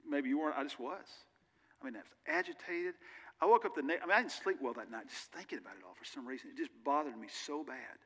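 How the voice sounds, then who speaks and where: A man's voice: fairly high pitch, expressive, quick pace, fairly bright tone. Earnest preacher man in a reverberant church. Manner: earnest, conversational, with candid personal asides. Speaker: pastor. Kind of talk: sermon. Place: church sanctuary. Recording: long reverb of a large church hall.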